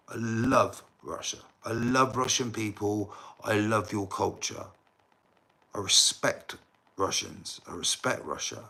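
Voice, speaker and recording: An English man livestreaming in a loose, rambling way, speaking directly to the people in his chat. His voice is bright and forceful, and his delivery is slow and unhurried, with sudden indignant flare-ups. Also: lowish voice, gravelly. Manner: rambling, talks straight to chat viewers, flares up in indignant bursts.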